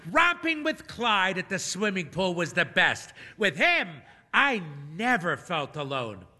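A man's voice: high-pitched, big pitch swings, a little slow, pushed and bright, big-room sound, voice pushed up, full character voice. Man doing Mabel, a gushing old lady. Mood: pushy.

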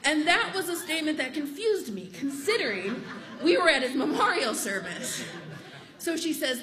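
A woman telling a true story on stage in a lively, amused, conversational way. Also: high-pitched, normal speed.

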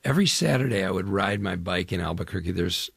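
A man's voice: deep voice, expressive, quick pace, gravelly, a bit bright, husky, no echo, studio quality. An older man from the US Midwest, an actor talking about his film in an interview, enthusiastic and rambling with fillers. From Chicago area, US Midwest. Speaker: actor guest. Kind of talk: interview conversation.

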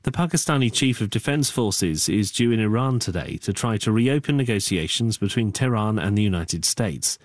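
A man with a low voice reads the news bulletin in a measured, formal manner. The sound is dry and close, like a studio booth with no room echo. Each item is delivered evenly and crisply. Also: a little mellow. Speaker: newsreader.

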